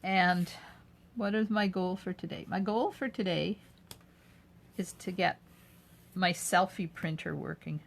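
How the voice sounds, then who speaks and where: An older woman's gravelly, fry-tinged voice, pitched a little low, hosting a live craft demo from her home craft room. She talks at an unhurried pace, narrating each step of her work and casually answering viewers' comments as they come in. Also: fairly even intonation. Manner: chatty, answers viewer comments while working. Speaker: craft video host.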